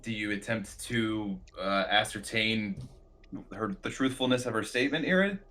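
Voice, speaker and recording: A man's voice: on the low side, sharp tone. A man serving as game master, narrating a tabletop session with frequent ums and uhs. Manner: halting, many ums and uhs.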